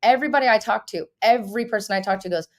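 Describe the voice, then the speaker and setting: A woman real estate agent hosting a casual live-stream chat, upbeat and chatty, with quick restarts. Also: mid-range voice.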